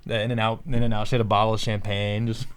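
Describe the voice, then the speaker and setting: A man's voice: lowish voice, flat delivery, fast talker, clean tone. A man co-hosting a podcast, rambling through a story with fillers and laughs in a casual chat. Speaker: podcast co-host.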